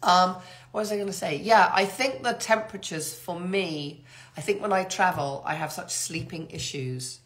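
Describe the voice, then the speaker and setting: A middle-aged woman runs a live question-and-answer session, reading greetings aloud and chatting through the answers. Her voice sits a little low and carries a trace of a fading cold. She talks close to the mic. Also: moderate pace, a bit bright. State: getting over a cold. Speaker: host answering viewer questions. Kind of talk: live Q&A chat reading out comments.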